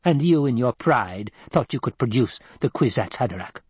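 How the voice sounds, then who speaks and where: A man's voice: medium pitch, expressive, moderate pace, a little mellow, slightly rough, dry recording. A man reading an audiobook, voicing a stern, snappish old woman who leads a scheming sisterhood. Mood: cold, scolding. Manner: snappish, sneering, demanding.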